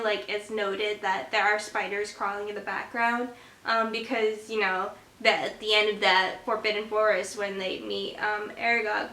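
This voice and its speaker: A woman's voice: mid-range voice, sharp tone. A woman who works as a script supervisor, talking casually in a vlog and explaining her points with examples. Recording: echoey room.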